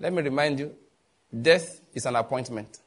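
A man with a Nigerian accent preaching a sermon as pastor, telling lively stories with quick asides and bursts of laughter. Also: mid-range voice.

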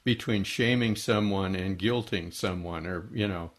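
Man, interviewer, lowish voice, affirming. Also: a little slow. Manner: affirming, asks follow-up questions. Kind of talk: casual conversation.

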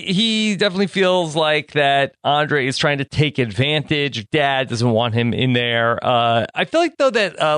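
A man co-hosting a podcast, speaking in a measured, thoughtful way and posing questions in casual chat. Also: mid-range voice, fairly bright tone, clean tone, no echo, clean studio sound. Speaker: podcast co-host. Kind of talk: casual chat recapping a reality show.

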